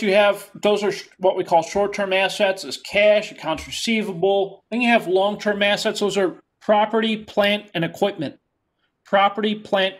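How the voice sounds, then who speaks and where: Lecturer, New York accent, classroom lecture, mid pitch, repeats key terms. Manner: repeats key terms, plain explanatory delivery.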